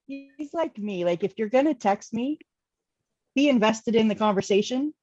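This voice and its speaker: A woman's voice: a little high, normal speed, lo-fi sound. A woman co-hosting a casual chat, telling stories with frequent laughter. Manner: laughing, animated storytelling.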